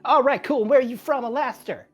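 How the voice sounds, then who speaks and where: A game master voices a folksy, fast-talking male wrestling promoter and boss, hustling through chummy salesman patter and calling people "friend." The voice sits high and quick, pushed up, over soft background music.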